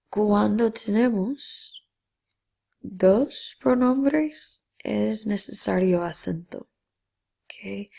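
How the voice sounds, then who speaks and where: Gravelly-voiced woman teaching Spanish grammar. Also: mid-range voice, warm tone. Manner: patient, explains step by step, drops to a whisper on key syllables. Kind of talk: classroom grammar lesson.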